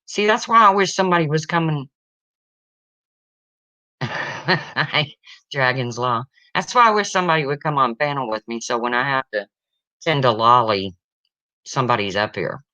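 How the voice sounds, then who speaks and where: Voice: mid-range voice, lively intonation, moderate pace, pauses often, pushed and bright, dry recording. A livestream host telling jokes casually and chatting with viewers, chuckling along. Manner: chatty, chuckling, talks to chat. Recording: dull slightly lo-fi stream audio.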